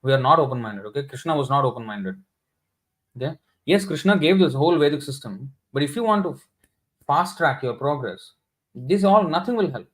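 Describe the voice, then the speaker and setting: A man's voice: on the high side, lively intonation, fairly quick, rough recording. A man giving a sermon in an indignant, scolding, emphatic manner. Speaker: scripture class speaker.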